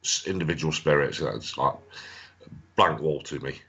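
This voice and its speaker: A man hosts a radio chat show, his voice croaky from a sore throat. He speaks low and husky in a friendly way. The sound is dull and lo-fi. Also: normal speed, pushed and bright. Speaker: host.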